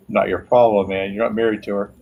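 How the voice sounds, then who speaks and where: A man's voice: lowish voice, background noise. A middle-aged man in casual chat, rambling through profane stories with lots of laughter.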